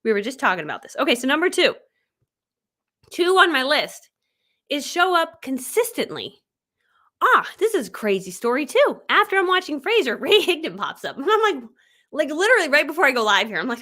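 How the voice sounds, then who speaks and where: A woman in her forties, working as an online business coach, gives a chatty, enthusiastic coaching talk on a livestream, laughing often and acting out quotes. Her voice is high, bright and forceful, very animated and quick.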